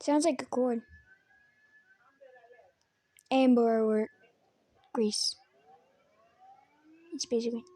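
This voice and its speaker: A high, light-voiced woman reacts in a loose, casual way, tossing out jokey and blunt one-line verdicts. Her delivery is offhand and unpolished, like someone chatting to a camera at home. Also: steady tone, slow pace, long pauses, mellow, no room sound. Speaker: video creator rating alarm sounds.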